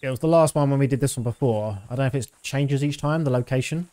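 Male streamer, thirties, mid-pitched, easygoing chat full of fillers. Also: fast. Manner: rambling, relaxed, many fillers. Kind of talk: casual gameplay commentary.

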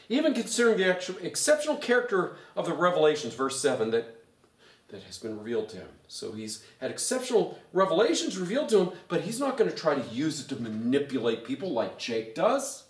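A male pastor teaching a Bible study in an animated, sarcastic way, growing loud when he gets excited. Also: mid-range voice. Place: church. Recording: echoey room, mic far off.

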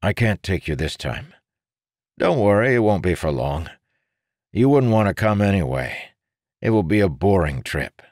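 A man's voice: low voice, very animated, normal speed, darkish tone, dry recording, studio quality, voice pushed up. A man voicing a confident, determined young nobleman who speaks firmly and earnestly. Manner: firm, earnest, persuasive.

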